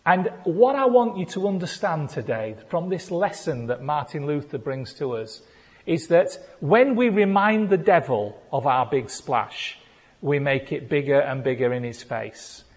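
A male pastor, preaching a playful sermon that builds to shouted declarations. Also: a little high, lively intonation, unhurried, husky. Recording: long hall reverb.

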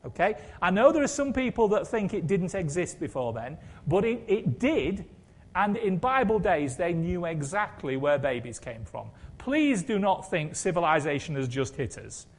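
A man's voice: high voice, sing-song, moderate pace. A man preaching a sermon in a conversational way, with wry humour and rhetorical questions.

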